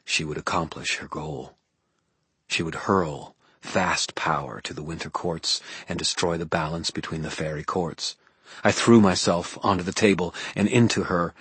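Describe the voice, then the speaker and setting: Male audiobook narrator, very low voice, husky, dry close sound. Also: a bit bright, no room sound.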